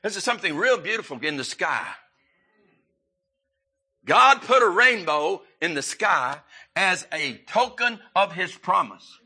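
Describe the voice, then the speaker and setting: Male preacher, sermon delivery, halting and repetitive, with a piercing bright tone. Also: sits high, big pitch swings, slightly rough. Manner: halting, repeats and restarts, rising for emphasis.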